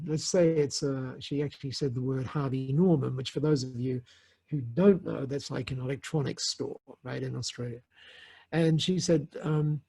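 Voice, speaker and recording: A man's voice: on the high side, dark tone, slightly rough. A middle-aged man on a podcast, telling a story in a casual, rambling way with many restarts and fillers and frequent laughs. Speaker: podcast guest, entrepreneur.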